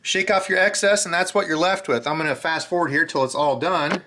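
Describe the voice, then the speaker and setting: A man's voice: fairly high pitch, a little fast, bright, forceful tone, slight background noise. A man hosting a fishing channel, narrating a casual cooking vlog in his home kitchen. He talks loosely and jokes as he cooks.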